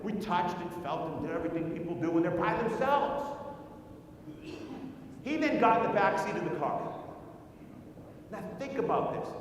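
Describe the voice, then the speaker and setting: A man's voice: high voice, lively intonation, normal speed, pauses often, a little hiss or hum. A man giving a sales training talk at a conference, telling a story, acting out the people in it, and firing rhetorical questions at the audience. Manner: acts out the other people in his story. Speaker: conference speaker. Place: large conference hall. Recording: echoey hall, speaker far from mic.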